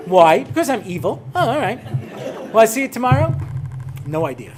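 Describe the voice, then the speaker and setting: A man's voice: very high-pitched, big pitch swings, takes it slowly, pauses often, crowd noise. An American man, a rabbi, giving a humorous talk to an audience, telling stories and acting out bits for laughs. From United States. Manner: joking storyteller, acts out cantors and voices.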